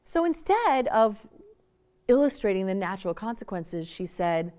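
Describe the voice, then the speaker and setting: A woman with a medium-pitched voice gives a public talk on parenting at a moderate pace. She is animated and emphatic, acting out quotes as she goes.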